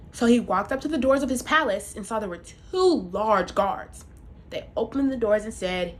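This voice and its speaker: Animated woman storyteller. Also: a little high, normal speed. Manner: animated, playful asides. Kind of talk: live storytelling.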